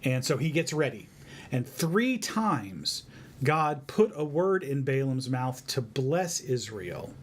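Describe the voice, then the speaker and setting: A man retelling a Bible story to his son in a family devotion, in a lively, conversational way. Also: mid-range voice, slight background noise. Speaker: father teaching his son.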